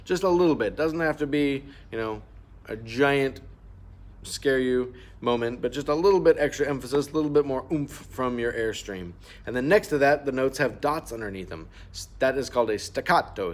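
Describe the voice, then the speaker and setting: A man at an ordinary middle pitch gives a patient clarinet lesson. He explains each fingering and marking step by step, now and then singing rhythms aloud to show them. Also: normal speed. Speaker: band teacher. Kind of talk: instrument lesson walkthrough.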